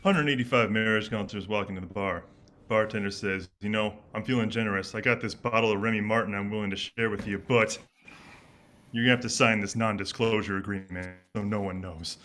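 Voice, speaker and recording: A man improv player telling a joke in a dry, measured way. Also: on the low side, steady tone, sharp tone, faint music behind.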